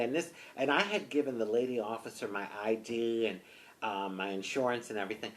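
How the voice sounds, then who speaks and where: Animated woman telling a personal story. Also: a bass voice, a little fast. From United States. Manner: animated, expressive, keeps saying "honey". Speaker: vlogger.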